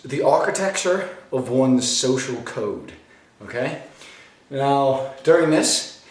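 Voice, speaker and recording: Energetic man vlogging in an echoey room. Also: medium pitch. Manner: energetic, talkative, self-motivating. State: slightly out of breath after a bike ride. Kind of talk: rambling self-help monologue to camera. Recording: echoey roomy recording.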